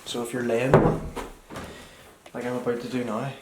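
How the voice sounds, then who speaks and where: A man's voice: medium pitch, level tone, normal speed, background noise. Chatty young man vlogging. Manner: chatty, swears casually. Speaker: touring actor vlogging. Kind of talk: casual vlog chat. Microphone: handheld action camera.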